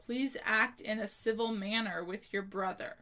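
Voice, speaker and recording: A woman slowly teaching a spelling lesson to children, spelling each word letter by letter in a careful manner and giving an example sentence. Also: medium pitch, sharp tone.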